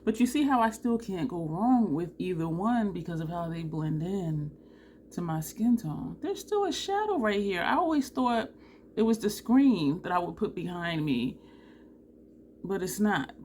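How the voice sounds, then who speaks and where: A woman from New Jersey chatting casually through a makeup tutorial, animated and laughing often. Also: on the low side, measured pace, a little hiss or hum. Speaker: beauty vlogger.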